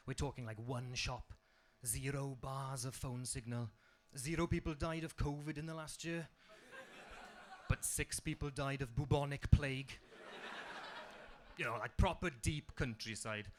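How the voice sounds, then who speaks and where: A young Welshman with a strong accent does a stand-up set on a club stage, landing punchlines dryly. His voice is mid-range with a fairly bright tone.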